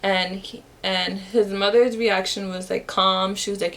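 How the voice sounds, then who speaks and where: A woman's voice: medium pitch, fairly even intonation, unhurried, a bit bright, slight background noise. A young woman telling a personal story while she does her makeup, rambling casually with lots of fillers and restarts. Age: young adult. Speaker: vlogger. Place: at home, in front of a camera.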